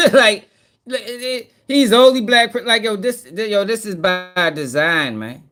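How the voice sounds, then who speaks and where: A man hosting a casual reaction commentary, profane and excitable, talking straight to his viewers. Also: sits high, measured pace. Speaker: news commentary host.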